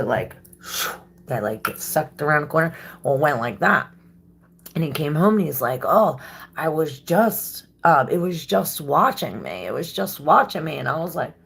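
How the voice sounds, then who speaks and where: A woman's voice: lowish voice, gravelly, slightly rough. A woman doing a casual tarot reading, chatty and loose, swearing freely and drawing out her phrases as she reads the cards. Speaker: tarot reader.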